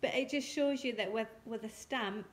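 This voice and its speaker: A woman teaching colouring and shading on a live stream, talking gently step by step and thanking viewers by name. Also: fairly high pitch, normal speed. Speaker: craft tutor.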